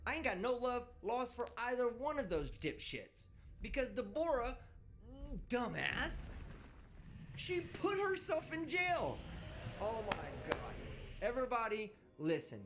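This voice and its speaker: A man's voice: very high voice, unhurried, background noise. Brash, foul-mouthed man ranting. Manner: brash, vulgar, animated ranting. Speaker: livestream host. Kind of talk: casual profane live-stream rant. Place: indoors, traveling.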